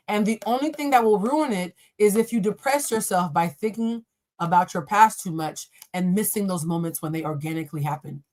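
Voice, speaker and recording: Blunt, profane woman reading tarot live. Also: mid-range voice. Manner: blunt, profane and playful, addressing viewers as y'all. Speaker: tarot reader and live stream host. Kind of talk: live-stream tarot reading, answering chat.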